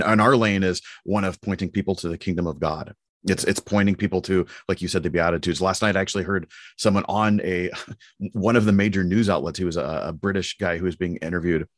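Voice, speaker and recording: A man co-hosting a podcast, telling stories in an animated, affirming way in casual discussion. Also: low-pitched, fairly quick, dry recording, clean studio sound. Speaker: podcast co-host.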